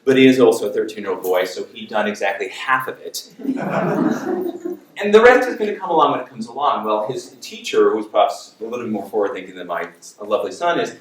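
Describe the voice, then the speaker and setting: A middle-aged man, a coach and speaker, telling an animated personal story in a public talk. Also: lowish voice, fairly quick, a little hiss or hum. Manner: animated, anecdotal, acts out dialogue. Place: lecture room. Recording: roomy hall, distant mic.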